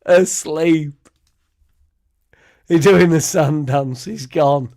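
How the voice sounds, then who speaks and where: Young man, fan stream host, laughing, sweary, rambling, mid pitch. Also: unhurried, darkish tone. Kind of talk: casual livestream reaction chat.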